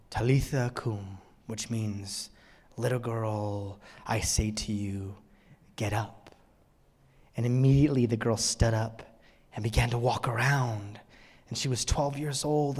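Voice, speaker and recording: Guy preaching a sermon, goes big and loud then drops to a near whisper, echoey church hall. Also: mid-range voice. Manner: dramatic swings from loud emphasis to hushed near-whisper. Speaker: pastor.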